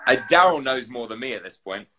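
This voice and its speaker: A man's voice: mid-range voice, expressive, fairly quick, crowd noise. A man hosting a casual livestream chat from home, chatty and earnest, teasing his friend.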